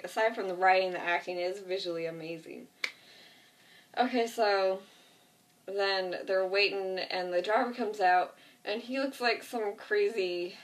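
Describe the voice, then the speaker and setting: A woman's voice: mid-range voice, slight background noise. A woman casually retelling a TV episode in a rambling way, full of fillers and asides. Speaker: vlogger. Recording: voice distant from the mic.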